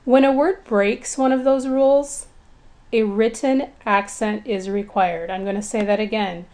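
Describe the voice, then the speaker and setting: A woman teaching a Spanish lesson in clear, patient, scripted narration, speaking to beginners in an encouraging way. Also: mid-range voice, steady tone, a little slow, a little mellow.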